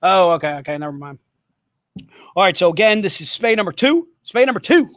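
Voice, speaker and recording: This comic book livestream host hawks his wares cheerfully and repetitively, restating prices and codes between jokes. He talks fairly quickly in a high, sing-song voice that sounds a bit bright, with no echo.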